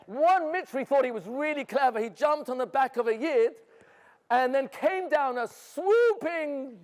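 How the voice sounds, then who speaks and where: A man telling a dramatic first-person story to students, theatrical and asking his audience questions. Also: very high-pitched. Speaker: educator. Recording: echoey hall.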